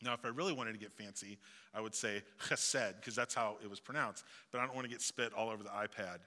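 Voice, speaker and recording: This man's voice is fairly low, fast, bright, and forceful, with fairly even intonation. A pastor with a Southeast Missouri accent, he preaches conversationally with joking asides, his words echoing through a church sanctuary's long hall reverb.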